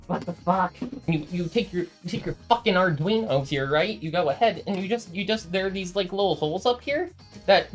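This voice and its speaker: A young adult talks through a home build in a loose, rambling vlog voice, swearing freely and poking fun at themself. The speech sits at a middling pitch. Faint music plays softly underneath. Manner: rambling, heavy swearing, self-mocking. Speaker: maker video host. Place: home room with candles.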